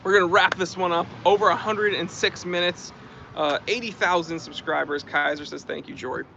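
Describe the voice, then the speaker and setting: A man's voice: high voice, fairly even intonation, fairly quick, creaky, background noise. A man hosting a casual live stream, chatting and reading out and thanking viewer comments. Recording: dull lo-fi stream audio.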